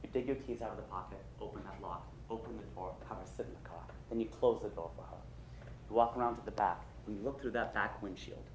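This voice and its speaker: A man voicing a gruff older male mob boss, clipped and commanding, in a noisy echoey room. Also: fairly low pitch, fast talker, lightly acted. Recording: roomy live room with loud noise.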